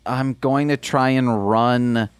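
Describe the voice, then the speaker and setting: A man playing a tabletop game, thinking his moves through out loud. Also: mid-range voice, steady tone, takes it slowly, clear, resonant tone, dry recording. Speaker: player. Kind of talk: casual tabletop game chat.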